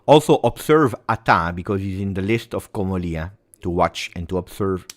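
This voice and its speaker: A man hosting a live football watch-along, talking through the match and going from low muttering to excited shouting. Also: brisk. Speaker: host.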